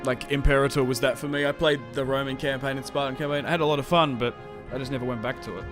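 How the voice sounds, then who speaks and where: A man's voice: mid-range voice, fairly even intonation, fast. An easygoing young Australian man who chats to his viewers in a loose, rambling way, full of "um"s and restarts. His voice sits in an ordinary middle range for a man, and faint music plays under him. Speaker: streamer. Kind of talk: casual livestream chat while playing a strategy game.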